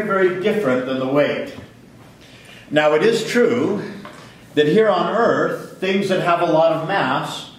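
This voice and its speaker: Middle-aged guy teaching physics, kinda high voice, big booming echo, faint hiss. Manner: lively storytelling with chuckles. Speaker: physics lecturer. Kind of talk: live classroom lecture. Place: large lecture hall. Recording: very echoey lecture hall, faint noise.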